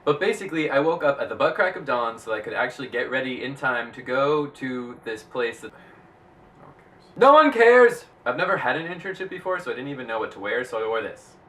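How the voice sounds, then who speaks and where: A young man vlogging in a chatty, rambling way, full of "like" and excitable bursts. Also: mid-range voice, quick pace, few pauses, recorded from a distance, rough recording. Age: young adult. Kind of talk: casual vlog monologue.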